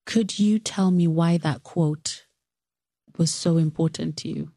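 A woman interviewer with a low, dark voice asks careful, gentle questions. The sound is close and dry, with no room around it. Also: slow pace, creaky, dry recording.

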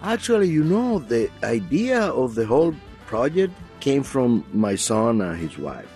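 A man's voice: medium pitch, sing-song, unhurried, mellow, soft background music. An older man, a musician guest in a studio, telling stories animatedly and laughing often.

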